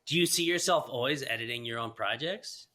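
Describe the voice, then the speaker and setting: A man hosts a casual podcast interview with a bright, forward tone. He rambles loosely through his thoughts, leaning on lots of fillers as he goes. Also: medium pitch, brisk. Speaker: podcast host.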